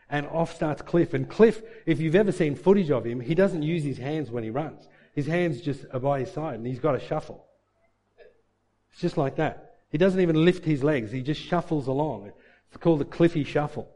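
A man with a fairly high, mellow voice tells a story in a lively, animated way. He slips into the voices of the people in it and sometimes stumbles over repeated words. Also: normal speed. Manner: animated, acts out quoted voices, repeats words when excited. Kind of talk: motivational storytelling.

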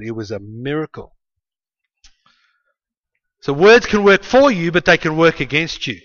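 Emphatic male preacher, higher voice. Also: big pitch swings, measured pace, long pauses. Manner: emphatic, storytelling, frequent "hey" asides, swings from loud to quiet. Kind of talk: sermon. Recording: dull lo-fi sound.

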